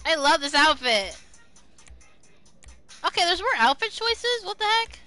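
A young woman streaming live, chatting excitably to her viewers, swearing freely and singing along to music now and then. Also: extremely high pitch, unhurried. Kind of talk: casual live-stream chat.

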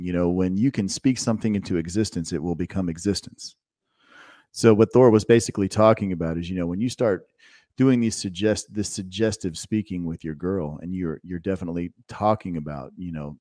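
A man's voice: low-pitched, warm tone, dry recording, clean studio sound. A man co-hosting a podcast in casual chat, emphatic and talking straight to the listeners. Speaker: podcast co-host.

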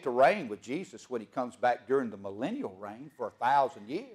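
A man preaching a sermon as pastor. He swings from loud proclaiming to hushed storytelling and asks the congregation rhetorical questions. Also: medium pitch, sing-song, fairly quick, hardly any pauses, husky.

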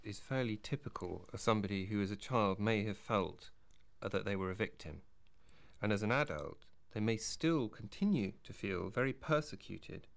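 A man giving measured, clinical commentary as a psychologist on the interview. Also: lowish voice, creaky. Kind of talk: analytical commentary.

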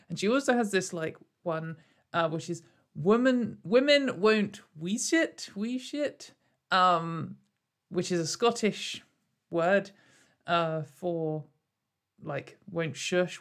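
A woman hosting a casual commentary show, rambling and sarcastic, with lots of fillers and little laughs. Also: on the low side. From United Kingdom. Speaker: commentary video host.

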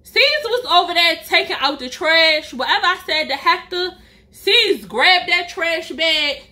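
A woman vlogger telling a workplace story in casual chat, animated and slangy, acting out what people said. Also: very high-pitched, measured pace. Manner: animated, slangy, acts out quotes.

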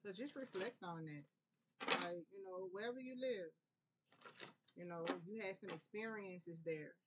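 A woman from New Orleans with a New Orleans accent, giving a relaxed, prayerful tarot reading in a conversational way. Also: mid-range voice, unhurried, very noisy. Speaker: tarot reader. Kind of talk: casual spiritual tarot reading.

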